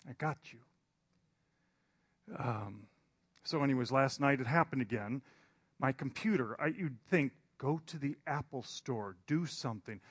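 A man's voice: mid-range voice, moderate pace, slightly rough, no echo, studio quality. A man preaching in a storytelling style, rambling and self-deprecating, with hesitant restarts. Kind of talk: storytelling sermon.

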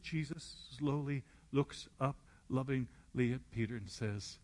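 A man's voice: medium pitch, unhurried, hardly any pauses, darkish tone. A man preaching a sermon, retelling the scene as vivid storytelling and acting it out.

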